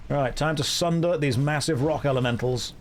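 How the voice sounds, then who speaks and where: A man's voice: fairly high pitch, brisk, slight background noise. A man in his thirties chatting casually and joking with his chat while streaming a game. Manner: joking, self-mocking storyteller reacting to chat.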